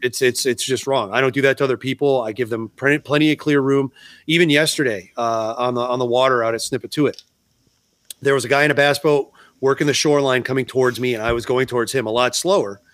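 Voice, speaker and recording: A man talks in a casual podcast chat, circling back and restarting as he goes. His voice sits at an ordinary middle pitch. The sound is dry and close, with no room echo. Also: fairly even intonation, quick pace, fairly bright tone. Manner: rambling, frequent restarts, swears freely. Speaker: podcast co-host.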